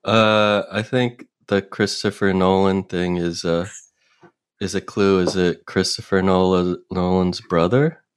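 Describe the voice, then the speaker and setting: A man's voice: low-pitched, steady tone, unhurried, clean tone. A man co-hosting a comedic call-in show over a video call, given to teasing remarks and rambling asides. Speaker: podcast co-host. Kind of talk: comedic banter.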